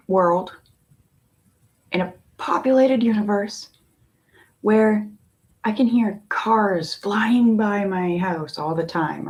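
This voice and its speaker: A woman tarot reader in a casual spiritual talk, musing in a slow, meandering way with long pauses. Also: medium pitch, dull audio.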